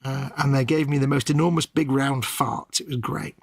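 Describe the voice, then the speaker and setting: Husky, deadpan middle-aged male co-host. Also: mid-range voice, moderate pace, dry recording. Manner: dry, deadpan joker. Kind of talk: casual live-stream chat.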